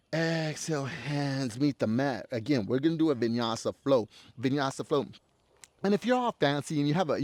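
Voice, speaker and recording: A laid-back male yoga instructor guides breaths and poses, dropping profanity into nearly every cue. His voice sits a little high for a man. The sound is dry and close, with no room echo. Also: a little mellow. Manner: laid-back, swears constantly while cueing poses.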